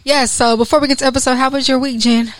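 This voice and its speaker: A woman's voice: high voice, flat delivery, fast talker, dry recording. Upbeat woman podcast co-host. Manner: playful, laughing, addresses listeners as y'all. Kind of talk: casual podcast chat. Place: studio with echoing mic feedback.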